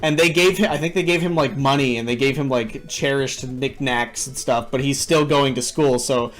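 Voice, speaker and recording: A man co-hosting a podcast, complaining in an animated, casual way. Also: mid-range voice, normal speed. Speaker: podcast co-host. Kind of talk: casual chat.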